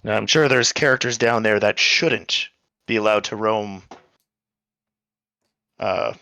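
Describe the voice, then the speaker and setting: A man's voice: lowish voice, slow, sharp tone, no echo. A man playing a tabletop game, talking casually and hesitantly with lots of ums. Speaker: player.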